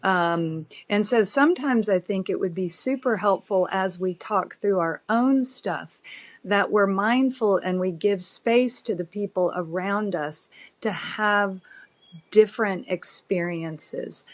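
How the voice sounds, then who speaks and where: Woman, 50s, doctor guest, very slow pace, reflective, pausing, medium pitch. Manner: measured and reflective, frequent pauses and fillers. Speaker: OB-GYN guest. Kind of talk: conversational podcast interview.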